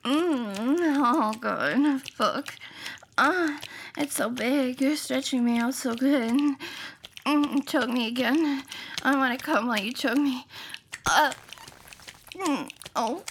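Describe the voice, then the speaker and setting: High, breathy woman in erotic role-play. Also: slow pace, long pauses, a little hiss or hum. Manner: breathy, moaning, pleading. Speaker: erotic audio performer.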